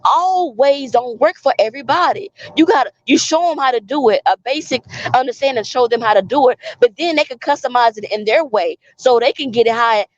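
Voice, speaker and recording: A woman's voice: high voice, expressive, brisk, no echo, dull audio. A woman vlogger talking in an earnest, preachy way, repeating phrases for emphasis. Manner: preachy, cites scripture. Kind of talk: casual spoken monologue.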